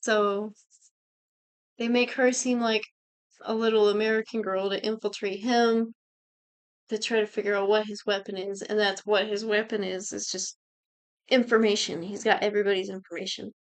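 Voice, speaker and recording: A young woman co-hosting a podcast, casually retelling a TV plot in an animated, profane way. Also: medium pitch, moderate pace, pauses often, smooth. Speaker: podcast co-host recapping a show. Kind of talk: casual chat.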